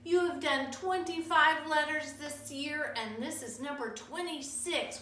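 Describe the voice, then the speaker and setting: A woman teacher reading stories aloud to young children in a sing-song, animated way. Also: high voice, measured pace, hardly any pauses. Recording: echoey room, from far off, faint noise.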